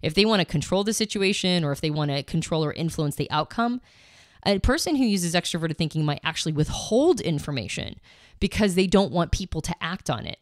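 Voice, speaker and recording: A woman's voice: on the low side, lively intonation, brisk, no room sound, clean studio sound. A woman co-hosting a podcast, explaining ideas conversationally with some fillers and restarts. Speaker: podcast co-host.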